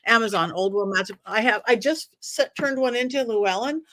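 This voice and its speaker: A woman's voice: a little high, a little fast, fairly bright tone, no echo. A woman guest on a podcast, speaking casually and enthusiastically, rambling through ideas and plans. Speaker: psychic guest.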